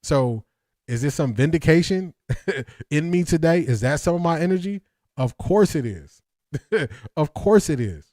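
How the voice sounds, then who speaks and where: A man's voice: on the high side, measured pace, long pauses, no echo, clean studio sound. Upbeat man hosting a football livestream. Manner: energetic, emphatic, repeats lines and laughs often. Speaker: livestream host breaking down football. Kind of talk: casual livestream commentary.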